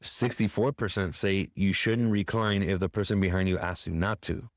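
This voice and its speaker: A man with a very low voice chats casually on a podcast, reading out survey figures in an easygoing way. The sound is dry and close. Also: moderate pace, no echo. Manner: relaxed, reads out figures conversationally. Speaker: podcast co-host. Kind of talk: casual chat.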